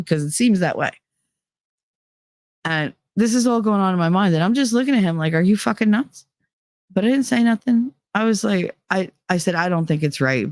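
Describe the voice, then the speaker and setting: A woman's voice: low-pitched, darkish tone, no echo, clean studio sound. A woman hosting a podcast, telling a personal story in a frank, profane way and acting out the voices of the people she quotes. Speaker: podcast host.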